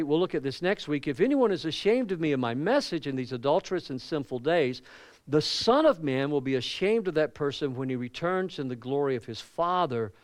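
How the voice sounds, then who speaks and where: A man's voice: on the high side, no room sound. A man preaching a sermon as pastor, telling stories and acting out the people in them. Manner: storytelling preacher, animated, acts out quoted people. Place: church.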